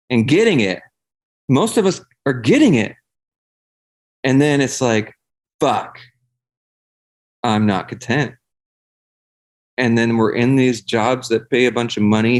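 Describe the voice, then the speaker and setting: A young adult man talking casually as a podcast guest, rambling and swearing a lot, filling his talk with "like.". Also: mid-range voice. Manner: rambling, profane, heavy use of "like". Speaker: podcast guest, singer and life coach. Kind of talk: casual conversation.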